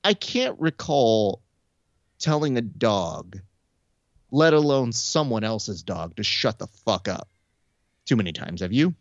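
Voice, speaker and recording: A young adult man telling a story in casual chat, animated, acting out quoted lines with shifts in pitch. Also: slow, pauses often, no room sound, muffled recording. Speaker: podcast host. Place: Burbank area.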